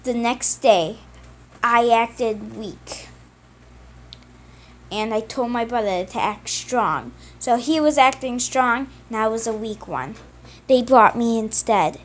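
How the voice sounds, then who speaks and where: A woman's voice: on the high side, slow pace. A woman narrating a story in the first person, plain and earnest, with some restarts.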